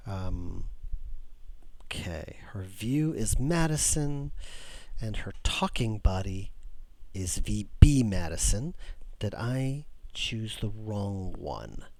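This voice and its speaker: A hoarse man, a game developer, talking casually on a live stream and muttering to himself as he works. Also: on the low side, a little mellow, no room sound. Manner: muttering to himself while working.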